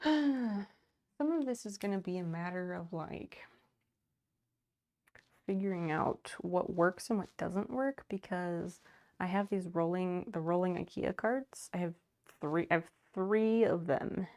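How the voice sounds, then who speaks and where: On a casual livestream from her home office, a woman sorts things and does chores, often laughing as she greets and thanks her viewers. She speaks slowly in a lowish, slightly mellow voice.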